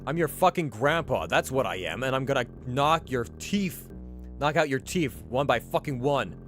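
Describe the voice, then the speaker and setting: A man's voice: medium pitch, sing-song, fairly quick, faint music behind. A man voicing a violent, foul-mouthed male prisoner who makes aggressive, profane threats. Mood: hostile, threatening. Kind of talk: voiced game reading.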